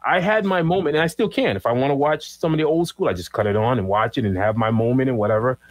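A middle-aged man chatting as a podcast guest, telling stories with lively acted-out quotes and cries. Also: mid-range voice, fast talker, hardly any pauses, low-quality recording. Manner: animated storyteller who acts out quotes and monster cries. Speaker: guest comic artist. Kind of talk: casual podcast chat.

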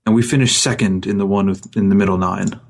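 A man with a fairly low voice talks loosely on a gaming podcast, wandering from point to point. His humor is dry and wry, and he tosses in quick asides as he goes. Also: fairly even intonation, vocal fry. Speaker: podcast co-host. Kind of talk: casual gaming chat.

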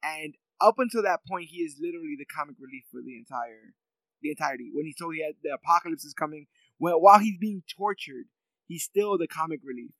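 A man's voice: fairly high pitch, expressive, fast talker, fairly bright tone, no room sound, rough recording. A man in casual chat, rambling with many fillers and laughs as he talks through a favorite scene.

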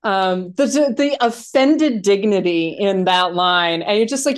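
Woman, casual film chat, animated, restarts often, medium pitch. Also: a little slow. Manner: animated, many restarts and fillers.

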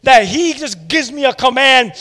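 Man voicing an indignant proud commander, shouting, high, hall reverb. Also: animated, moderate pace, full character voice. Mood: outraged. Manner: raised, shouting outrage.

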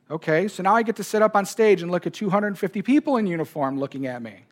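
A man's voice: high voice, expressive, fast, few pauses. A man preaching a sermon as pastor, telling a personal story with emotion. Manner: personal, emotional anecdote told to a congregation.

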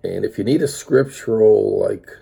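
A man's voice: on the low side, normal speed, creaky, mellow, slightly rough. An older man reading a children's story aloud, then talking unhurriedly with many fillers. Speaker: speaker reading a story to his grandchild.

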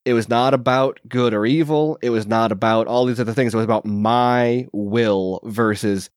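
A man's voice: mid-range voice, fairly even intonation, normal speed, no room sound, studio quality. A man co-hosting a podcast, talking through a film scene and thinking aloud with restarts. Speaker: podcast co-host. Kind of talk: casual film discussion.

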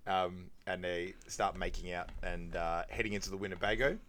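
Low-voiced man recapping a film. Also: fairly even intonation, moderate pace, fairly bright tone, a little hiss or hum. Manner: retells scenes with quoted lines and laughs. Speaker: podcast co-host. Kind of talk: casual film recap chat.

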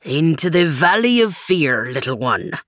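A woman's voice: low-pitched, very animated, a little slow, no echo, studio quality. A woman doing an anxious Scottish dog. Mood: worried. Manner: homely dialect, earnest pleading. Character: Scottish-talking male dog, anxious and loyal.

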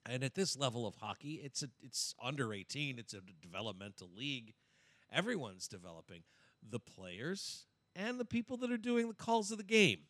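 A male podcast host with a bright, lively voice tells a story in casual chat. His pitch swings widely, and the studio sound is close and dry. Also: normal speed, dry recording. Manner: storytelling, animated.

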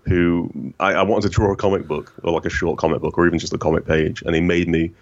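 Very deep-voiced man, rambling chat. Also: little pitch movement, fast talker, lo-fi sound. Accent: faint northern English. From northern England. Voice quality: rich, smooth voice. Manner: rambling, self-deprecating, many restarts. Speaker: guest. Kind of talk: casual conversation.

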